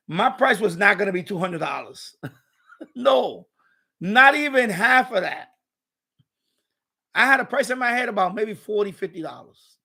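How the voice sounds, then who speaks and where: A man's voice: high-pitched, lively intonation, moderate pace, gravelly, long pauses, pushed and bright. A man hosting a live stream, chatting casually and rambling, with many restarts and repeated phrases.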